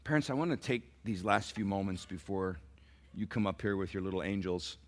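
Middle-aged pastor preaching dramatically. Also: male voice, sits low, a little fast. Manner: swings from soft, near-whispered lines to loud emphatic peaks; acts out quoted dialogue in a storytelling sermon. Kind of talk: sermon.

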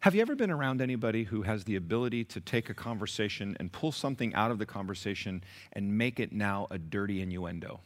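A man preaching a sermon in a fairly low voice. He is emphatic and animated, pressing his points with rhetorical questions. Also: fast. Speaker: pastor.

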